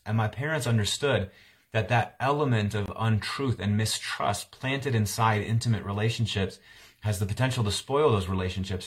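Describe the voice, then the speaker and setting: A man's voice: on the low side, husky. A man around forty preaching a sermon, telling a childhood story in a conversational way and acting out the voices of his parents. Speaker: pastor.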